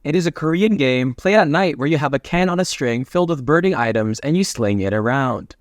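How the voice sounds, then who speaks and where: A man narrating a comic recap in a casual, jokey play-by-play with quick asides. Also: on the high side, animated, dry recording, clean studio sound.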